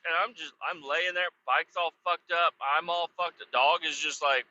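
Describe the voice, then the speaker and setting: A man tells a rambling, foul-mouthed story outdoors beside a road, doubling back to fix his own details. His voice is somewhat high and strikingly bright and sharp, heard through a slightly muffled recording with faint road ambience behind him. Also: steady tone, normal speed, few pauses, slight background noise. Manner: profane, meandering, self-correcting. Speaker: podcast host.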